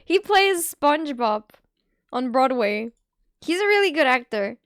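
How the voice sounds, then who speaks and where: High-voiced giggly woman streamer. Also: expressive, dry recording, studio quality. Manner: chatty, giggly, full of "like" and quick asides. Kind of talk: casual live-stream chat.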